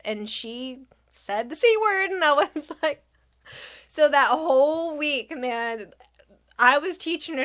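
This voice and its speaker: A woman's voice: high-pitched, expressive, a little slow, sharp tone. A young woman and mother telling a funny story to her viewers in a casual way, acting out quotes and laughing often. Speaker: vlogger.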